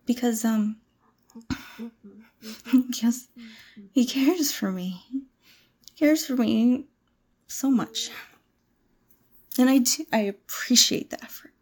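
A woman's voice: on the high side, takes it slowly, long pauses, breathy edge. A woman playing a frightened young woman in an audio role-play drama, pleading with a possessive captor. She stammers and drops into whispers. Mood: soothing, shaky.

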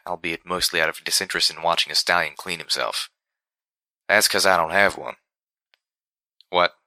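A man narrating a first-person story with a steady, measured reading. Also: low voice, no room sound. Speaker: audiobook narrator.

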